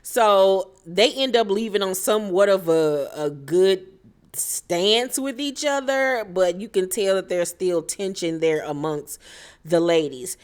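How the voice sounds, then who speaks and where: A woman's voice: mid-range voice, measured pace, clean tone. A woman recapping a reality TV episode in casual commentary, blunt and profane, gossiping and laughing as she goes.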